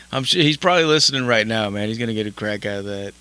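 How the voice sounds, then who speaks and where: A bright-toned man hosting a metal radio show. He talks in a loose, casual way, swears freely and laughs easily. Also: fairly low pitch, lively intonation, fairly quick, clear, resonant tone. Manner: laid-back, swears freely, laughs often. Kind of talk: casual radio interview chat.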